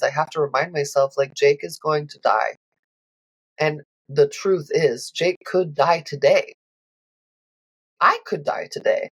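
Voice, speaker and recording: A woman's voice: low voice, breathy edge, no echo, poor audio. Blunt, emotional woman podcaster. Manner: emotional, blunt, swears freely; rambling with many fillers. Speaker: podcast host. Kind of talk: candid solo podcast monologue.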